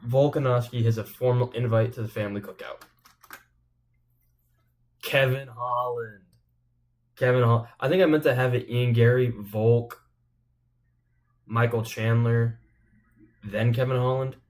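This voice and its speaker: A man riffing through casual comedic commentary, cursing freely and rambling between jokes. His voice sits at an ordinary middle pitch. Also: fairly even intonation, a little slow, long pauses, darkish tone. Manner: rambling, profane, joking. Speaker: channel host.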